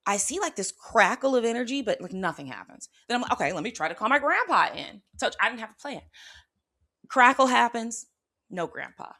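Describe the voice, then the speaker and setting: A woman host telling a personal story with lively expression, often checking in with her listeners. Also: a little high, fairly quick. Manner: expressive, checks in with "okay?" and "right?", acts out her own reactions. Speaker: spiritual channel host.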